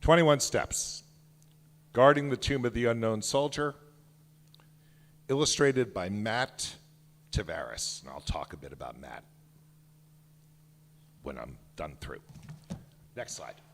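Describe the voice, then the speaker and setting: A man in his sixties, a children's book author, giving an animated talk and reading his picture book aloud with emphasis. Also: lowish voice, slow pace, pauses often. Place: synagogue hall. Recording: echoey hall reverb.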